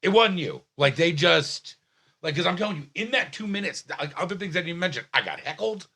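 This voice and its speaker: Young male comic, loud and profane, bright gravelly voice, excitable storyteller. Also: on the high side, fast talker. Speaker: comedian guest. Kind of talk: animated storytelling in casual chat.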